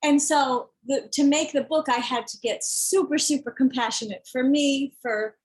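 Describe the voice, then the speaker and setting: Woman, author, candid talk, emphatic, blunt, slightly high pitch. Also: moderate pace, rough recording. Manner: frank, emphatic, acts out what others say; swears when heated. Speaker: children's book author. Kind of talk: candid conversation.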